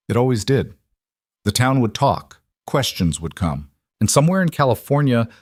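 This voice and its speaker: A man narrating a scripted western story in a measured, unhurried way. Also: lowish voice, darkish tone, no echo, clean studio sound.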